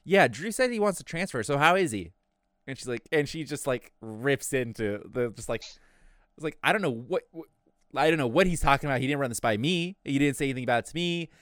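A man's voice: mid-range voice, a little fast, dry recording, clean studio sound. A young man telling a work story in casual chat, swearing freely and acting out what others said. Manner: animated, profane, acts out quotes.

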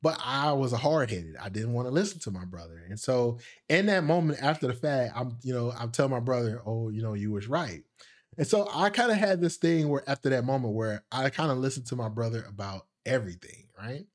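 A man's voice: expressive, a little fast, few pauses. A young man hosting a podcast, telling a story in a rambling way full of fillers. He laughs at himself and raises his voice to act out the people he quotes. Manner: acts out quoted voices higher. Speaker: podcast host. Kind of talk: casual storytelling.

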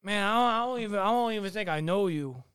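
A man's voice: lively intonation, fast, a bit bright, clear, resonant tone, no echo, studio quality. A man doing an impression of an actor's mumbling, bitter young fighter from a film. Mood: sullen. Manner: mumbling, low and withdrawn.

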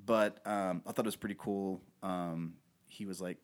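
A man's voice: low-pitched, steady tone, moderate pace. A man hosting a podcast, chatting casually about a film in a rambling way with lots of fillers. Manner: rambling, many fillers, acts out movie quotes. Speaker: podcast host.

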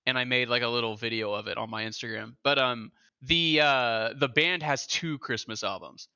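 A man's voice: medium pitch, moderate pace, pushed and bright, clear, resonant tone, no room sound. A young man co-hosting a podcast in casual chat, talkative and swearing freely as he rambles through stories. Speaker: podcast co-host. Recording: dry, slightly dull lo-fi sound.

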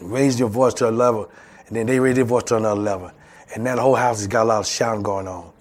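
In church, a pastor with a lowish voice preaches quickly and with fairly even intonation. He calls out to the congregation in call-and-response fashion and performs character voices as he goes.

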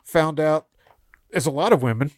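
Male comic co-host, crude storyteller, slightly high voice, dry close sound. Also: normal speed, darkish tone, dry recording. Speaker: comedian podcast co-host. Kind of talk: casual comedy chat.

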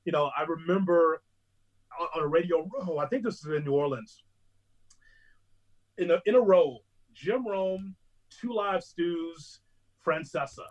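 Husky-voiced sports radio host, animated. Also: male voice, a little high, a little slow, pauses often, lo-fi sound. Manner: animated storytelling, mimics other hosts loudly. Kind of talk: casual conversation between radio hosts.

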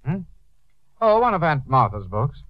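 An actor playing a prim, fussy nephew with mannered, precise speech, in old-time radio drama style. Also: male voice, a little high, big pitch swings, normal speed, dry recording. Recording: dull dry old radio recording.

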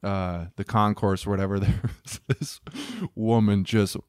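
A man's voice: on the low side, little pitch movement, measured pace, clean tone, dry recording, clean studio sound. A young man co-hosting a casual sports podcast, rambling with lots of fillers and laughing as he tells stories. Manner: rambling with many filler likes, laughs while telling. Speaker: podcast co-host.

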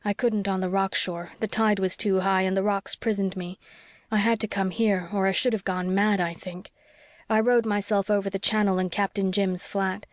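A woman's voice: mid-range voice, little pitch movement, normal speed, no echo, close to an everyday voice. A woman voicing a restless, passionate young woman in anguish, read with fervent, pleading delivery in an audiobook. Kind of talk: audiobook character reading.

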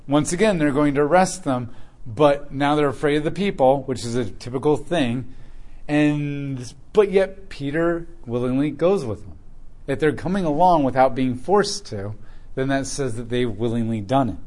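A man's voice: mid-range voice, moderate pace, darkish tone. A man reading a Bible passage aloud and stopping to explain it in casual, joking asides. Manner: reads scripture aloud, then comments casually with humor. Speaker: Bible teacher.

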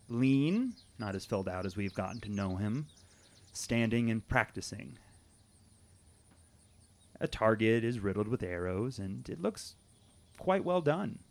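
A man narrating scenes as game master in a tabletop game, telling the story descriptively. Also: mid-range voice.

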